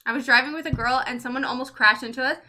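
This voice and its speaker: Woman streamer in her thirties, bright piercing voice, rambly casual chat, heavy on "like" and swearing. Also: high-pitched, steady tone, quick pace. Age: 30s. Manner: rambling, lots of "like", swears freely. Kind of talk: casual livestream chat, reading chat.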